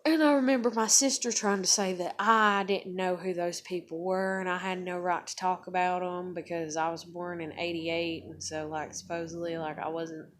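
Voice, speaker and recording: A woman's voice: lowish voice, fairly even intonation, moderate pace, few pauses. Rambling, profane woman in her thirties. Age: 30s. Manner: rambling, profane, full of fillers. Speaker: vlogger. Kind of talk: casual rambling monologue.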